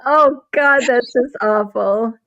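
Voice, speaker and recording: A woman's voice: on the high side, takes it slowly, a bit bright, no echo, lo-fi sound. Chatty laughing woman, dry close sound. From Wisconsin. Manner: rambling, laughing, many restarts. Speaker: stream co-host. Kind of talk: casual storytelling chat.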